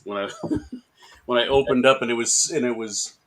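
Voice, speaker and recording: A man's voice: mid-range voice, steady tone, normal speed, background noise. A man co-hosting a casual chat on a video call, teasing the others. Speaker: co-host.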